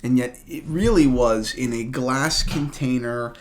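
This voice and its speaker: A man co-hosting a casual chat show, joking and bantering quickly with his partner. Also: medium pitch. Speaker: co-host.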